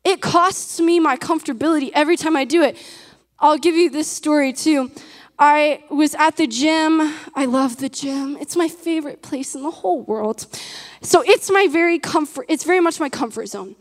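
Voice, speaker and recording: A woman's voice: high voice, normal speed, big-room sound. A woman giving an earnest, emphatic sermon to a live audience and asking them questions. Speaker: preacher.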